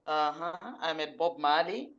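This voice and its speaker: A woman hosting an online interview, her voice sitting a little low. She is playful and laughs easily. The sound is dull and lo-fi, as from a video call. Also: steady tone, unhurried, a little hiss or hum. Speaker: host.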